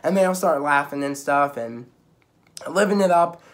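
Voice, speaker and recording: A man's voice: fairly high pitch, moderate pace. A young man giving a casual spoken recap of a TV episode, rambling with many restarts and filler words. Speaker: video reviewer.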